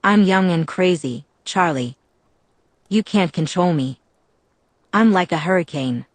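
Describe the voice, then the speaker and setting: A woman's voice: fairly low pitch, lively intonation, unhurried, no echo. A woman reading the part of a playful, saucy young woman who jokes in an exaggerated way. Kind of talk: audiobook reading.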